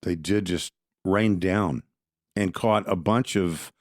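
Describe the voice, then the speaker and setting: A man's voice: low voice, takes it slowly, darkish tone, no room sound, studio quality. A man co-hosting a podcast, talking politics casually and with strong opinions, often restarting his sentences. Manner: conversational, opinionated, frequent restarts. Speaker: podcast co-host.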